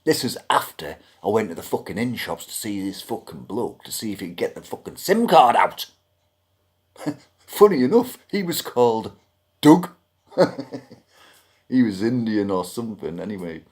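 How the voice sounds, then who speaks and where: A man's voice: on the low side, big pitch swings, moderate pace. A man with a British accent ranting bluntly to camera, griping and swearing freely. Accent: British English. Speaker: vlogger. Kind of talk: ranting monologue.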